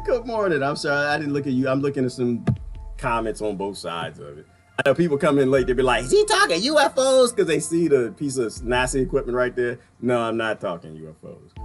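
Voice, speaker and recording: A man hosting a casual livestream, ranting in an animated way and laughing often as he reads viewer comments. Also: fairly high pitch. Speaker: livestream host.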